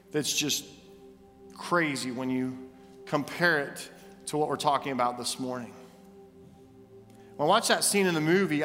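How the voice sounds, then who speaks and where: A male pastor tells a story and drives his point home with animated, emphatic repetition. His voice sits somewhat high and sounds bright and forceful. It rings through a church with a long reverb and faint music underneath. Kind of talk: sermon. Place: church sanctuary.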